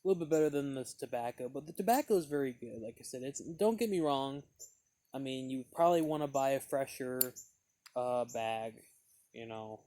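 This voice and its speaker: A man's voice: mid-range voice, moderate pace, dark tone. A man reviewing pipe tobacco in a casual, meandering way, with lots of fillers and restarts as he tells a story.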